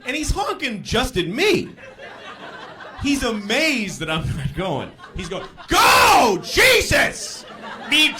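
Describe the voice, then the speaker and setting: On a comedy club stage, a man does stand-up, telling stories in a conversational, exasperated manner and acting out the voices of the people involved. His voice is on the high side with a sharp tone. The live audience can be heard laughing, with slight background noise.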